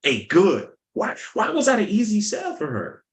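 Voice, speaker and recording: A man teaches sales in a lively, storytelling way, his pitch bouncing up and down as he acts out quotes. His voice sits a little high for a man. The room around him is echoey. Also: normal speed. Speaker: sales coach. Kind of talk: motivational teaching talk.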